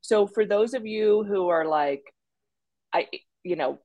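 A young woman co-hosting a podcast, chatting casually in a lively, joking way. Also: medium pitch, a little slow, dry recording. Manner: lively, animated, laughing and joking. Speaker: podcast co-host. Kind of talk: casual chat.

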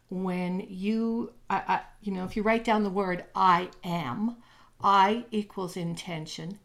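A woman's voice: fairly low pitch, creaky. A woman coaching on spirituality in a podcast chat, telling stories and acting out voices as she goes. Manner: animated, acts out voices in stories. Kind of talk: casual podcast chat, storytelling.

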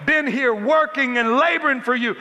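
Bitter eldest son, high and strained, shouting his grievances, as a preacher puts him on; long church echo. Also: normal speed, full character voice. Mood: aggrieved. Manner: high-pitched shouting complaint. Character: resentful grown eldest son, bitter and aggrieved.

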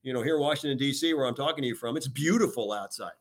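A retired American admiral, an older man, being interviewed in a relaxed, emphatic way, often using "you know" as he speaks. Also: mid-range voice, very fast. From United States. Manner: energetic, emphatic, many "you know" fillers. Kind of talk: podcast interview. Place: talking remotely from home or office.

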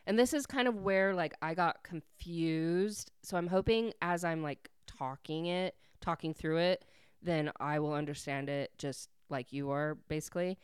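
A woman hosts a podcast and recaps a book in loose, chatty talk full of fillers. Her voice sits low and is very smooth and clean. The recording is dry and close. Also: measured pace, no room sound. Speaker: podcast host.

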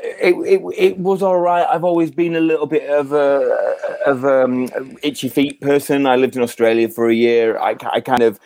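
A man's voice: mid-range voice, level tone, normal speed, hardly any pauses, a little mellow. A man, a guest on a podcast, talking casually and candidly, swearing freely and often repeating words as he starts a thought. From Yorkshire, England. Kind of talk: casual chat.

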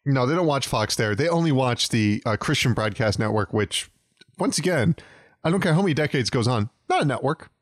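A man's voice: medium pitch, expressive, fairly quick, no room sound, studio quality. A man co-hosting a podcast, chatting casually and mockingly about a movie, laughing often. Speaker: podcast co-host. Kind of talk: casual comedic movie review chat.

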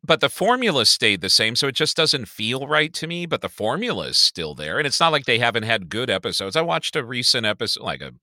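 A middle-aged man co-hosting a podcast in casual chat, animated and swearing freely. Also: fairly quick, few pauses, no echo, studio quality. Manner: animated, swears freely, lively swings in pitch. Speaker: podcast co-host.

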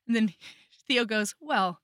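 A woman's voice: on the high side, expressive, moderate pace, pushed and bright, no echo, studio quality. A woman co-hosting a casual book podcast, gushing enthusiastically as she recaps a romance novel. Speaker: podcast co-host.

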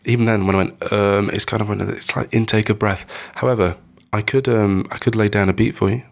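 A man co-hosting a podcast in casual chat, talking slowly and hesitantly while holding back a tickly cough, with dry quips. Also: fairly low pitch, steady tone, gravelly. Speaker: podcast co-host.

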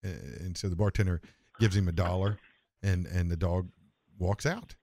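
Halting low-voiced man telling jokes. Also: fairly even intonation, mellow, dry recording, clean studio sound. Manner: halting, repeats words as he tells jokes. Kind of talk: casual chat, joke telling.

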